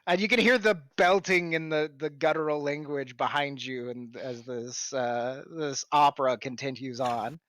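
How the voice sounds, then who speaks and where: Bright-voiced male game master. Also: mid-range voice, normal speed, hardly any pauses, dry recording. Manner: loose, rambling, chuckling. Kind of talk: narrating a tabletop game over a call.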